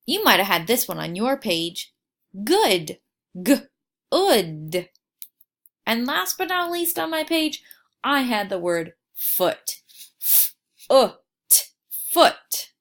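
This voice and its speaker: A woman teaching a phonics lesson to young children, slowly sounding out words and asking them to repeat. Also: a little high, big pitch swings, fairly bright tone. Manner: slow, exaggerated sounding out of words.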